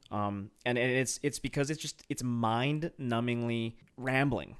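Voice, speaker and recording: A man's voice: medium pitch, normal speed, smooth. Exasperated man ranting about a movie. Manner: animated, exasperated, stammering restarts. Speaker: podcast co-host. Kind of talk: casual film review chat.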